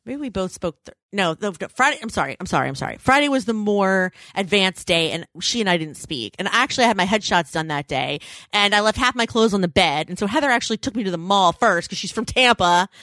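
A woman in her thirties co-hosting a podcast, telling a rambling story in casual chat, full of "like" fillers and quick self-corrections. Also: medium pitch, animated, fairly bright tone, no room sound. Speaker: podcast co-host.

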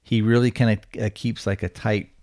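A man's voice: fairly low pitch, level tone, fairly quick, a little mellow. A male podcast host casually recapping a film's plot, rambling and leaning on fillers. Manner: rambling, heavy on fillers and hedging words. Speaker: podcast host reviewing a film.

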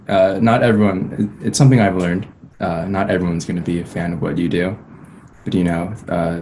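A young man with a very low, deep voice chats easily as an interview guest. He is relaxed and laughs often. Faint background noise sits under his talk. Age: young adult. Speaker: musician guest. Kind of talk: casual interview chat.

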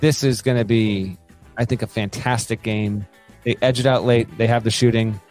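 A man co-hosting a casual sports podcast, talking in animated bursts with quick asides and laughter. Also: lowish voice, faint music behind. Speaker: podcast co-host.

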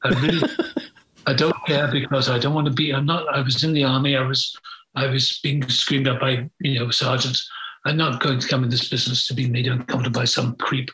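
A man's voice: mid-range voice, little pitch movement, fairly quick, pushed and bright. An older man, telling his memories in an interview in a frank, rambling way, with many fillers. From Britain. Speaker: guest. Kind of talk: reminiscing interview. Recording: roomy echo.

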